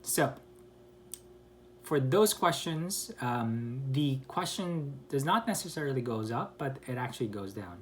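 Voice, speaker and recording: A man giving an online English pronunciation lesson, explaining slowly with pauses and self-corrections and acting out example questions with exaggerated rising and falling pitch. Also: lively intonation, a little hiss or hum. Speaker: English teacher.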